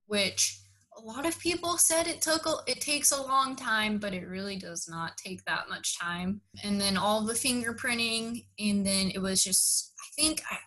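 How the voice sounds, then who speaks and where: Young adult woman, bright and lively, chatty interviewee telling her own story. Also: mid-range voice, poor audio. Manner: animated, acts out quoted dialogue. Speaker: interviewee recounting her enlistment process. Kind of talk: casual storytelling.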